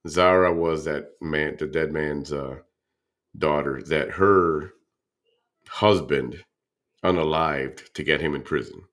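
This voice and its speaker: A man's voice: rumbling low, slow pace, a bit bright. A man hosting a casual reaction show, laid-back and swearing as he talks over gossip clips. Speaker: host.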